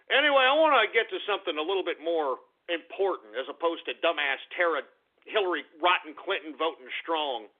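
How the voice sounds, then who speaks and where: A man with a high voice delivers a sarcastic, insulting talk radio rant. The sound is tinny and narrow, like a phone line. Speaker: radio show host. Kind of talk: ranting talk radio monologue.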